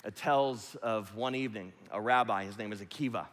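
A man pastor delivering a sermon, emphatic and repetitive, swinging from loud to hushed. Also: fairly low pitch, brisk. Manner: emphatic, repetitive preaching with big swings in loudness. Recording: long hall reverb.

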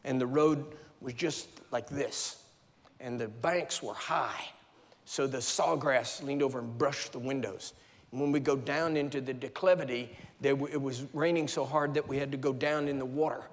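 An American man preaching a sermon, telling a personal story vividly and dramatically, even acting out sounds. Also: mid-range voice, moderate pace. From United States. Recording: long reverb of a large hall.

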